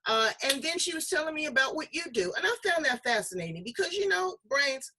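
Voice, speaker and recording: A woman's voice: high-pitched, sing-song, brisk, bright, forceful tone. A woman hosting a talk show, playful and exuberant in casual chat. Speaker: host.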